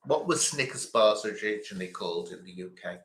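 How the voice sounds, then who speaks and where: A quiz host chats and rambles between questions on a casual stream, dropping chuckling asides. His low, expressive voice is a little fast and a bit bright, and the sound is roomy.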